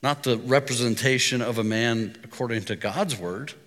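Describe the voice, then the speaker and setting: A middle-aged man preaching a sermon, his voice bright and forceful. He talks like a storyteller, easy and conversational, and the sound rings out with the long reverb of a church hall. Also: mid-range voice, normal speed. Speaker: pastor.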